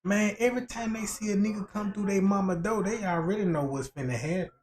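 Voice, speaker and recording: A man's voice: sits high, fast talker, a little mellow. A man on a casual livestream, telling crude, profane stories in slang and acting out the quotes, often asking whether you know what he's talking about.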